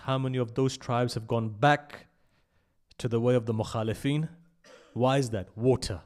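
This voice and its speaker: A man giving an impassioned sermon at a memorial gathering, telling a story and swinging between loud emphasis and hushed asides. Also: mid-range voice. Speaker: speaker at a memorial majlis.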